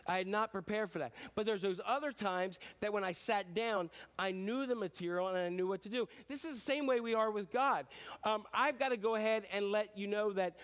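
A man's voice: sits high, a little fast, fairly bright tone. A middle-aged man preaching a conversational sermon as a pastor, telling stories in a chatty, self-deprecating way with many fillers.

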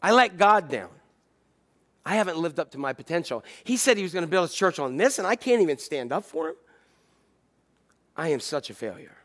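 A man putting on a boastful fisherman disciple, tough-guy talk, high voice. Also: normal speed, hardly any pauses, in a large hall. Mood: broken. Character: brash, boastful adult male fisherman disciple who later breaks down.

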